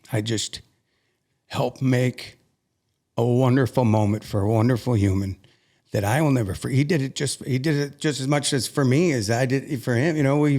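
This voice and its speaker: A man's voice: medium pitch, darkish tone. A man, a podcast guest, telling a personal story in an earnest, emotional way, often restarting his sentences.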